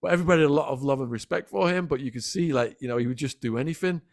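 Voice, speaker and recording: A middle-aged man, a podcast guest telling animated stories in a casual interview. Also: mid-range voice, creaky, dry recording, clean studio sound. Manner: animated, quick anecdotal storytelling. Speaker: podcast guest, former prisoner.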